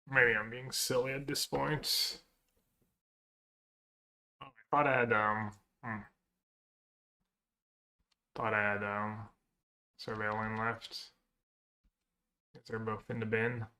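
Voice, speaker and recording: A man's voice: fairly low pitch, little pitch movement, slow, pauses often, bright, forceful tone. A man streaming a card game, thinking aloud about his plays and chatting with viewers in a casual, muttering way. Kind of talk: casual stream commentary while playing.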